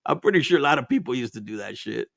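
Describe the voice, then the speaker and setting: A man's voice: medium pitch, very animated, rapid-fire, gravelly, fairly bright tone, no echo, studio quality. A man telling stories in casual chat as a podcast host, laid-back and profane, laughing often and mixing Spanish into his English.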